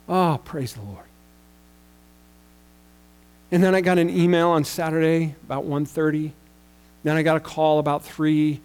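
A man's voice: on the high side, steady tone, measured pace, pauses often, a little mellow, clear, resonant tone, poor audio. A man in his forties, a pastor, telling a personal story in a sermon in a conversational way, with bursts of raised emphasis.

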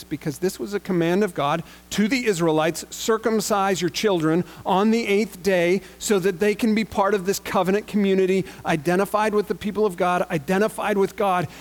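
Preaching in a casual, conversational way, this man retells the story with slangy paraphrased quotes from the characters and also reads out longer passages of scripture. His voice sits slightly higher than the typical man's.

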